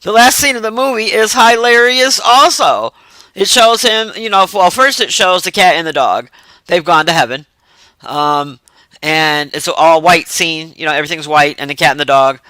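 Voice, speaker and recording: A man's voice: high-pitched, normal speed, bright, forceful tone, dry recording, poor audio. A man casually recapping a film plot in a rambling, profane way with frequent laughter. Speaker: movie reviewer.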